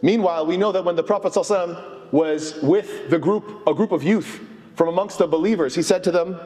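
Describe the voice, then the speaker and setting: Male preacher, earnest sermon voice, slightly high, long hall reverb. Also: lively intonation, fairly quick, darkish tone. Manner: earnest, mixes Arabic phrases. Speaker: imam. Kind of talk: mosque sermon.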